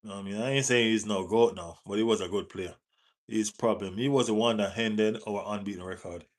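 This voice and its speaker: A man with a Jamaican accent hosting a live football stream, answering viewer chat in relaxed patois-tinged talk and urging viewers to like the page. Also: lowish voice, brisk. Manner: reads out and answers viewer chat, teases, urges likes. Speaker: football livestream host.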